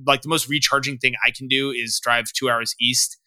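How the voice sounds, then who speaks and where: Bright, crisp-voiced man rambling casually. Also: medium pitch, level tone, moderate pace, no room sound. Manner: rambling, frequent "you know" fillers; open, candid. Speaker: startup founder, guest. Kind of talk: casual podcast interview.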